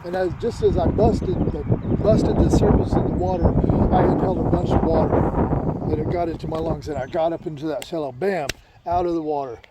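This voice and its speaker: A man's voice: a little high, a little fast, very noisy. A man telling a childhood story in a casual, rambling way, repeating words and restarting often.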